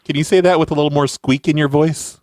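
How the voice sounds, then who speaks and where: A man hosting a show and making deadpan, mock-serious prank phone calls. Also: fairly high pitch, fast talker, no echo. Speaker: prank caller and show host.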